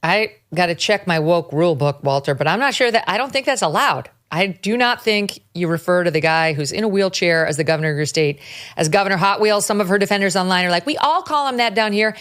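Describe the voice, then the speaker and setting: A woman's voice: on the low side, animated, quick pace, a bit bright. A woman hosting a political talk show, delivering commentary in a sarcastic, mocking tone. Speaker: host.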